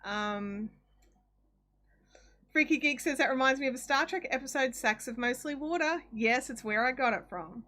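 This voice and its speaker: An Australian woman hosts a live craft stream from her home desk, speaking at a moderate pace in a high-pitched, pushed, bright voice. She chats casually and reads viewer comments aloud, rambling with frequent ums and restarting sentences.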